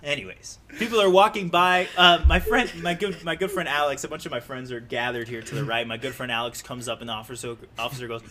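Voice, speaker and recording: A young man casually telling a story to friends, animated and acting out the quotes. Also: medium pitch, fast, hardly any pauses, a crowd in the background. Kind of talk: casual chat.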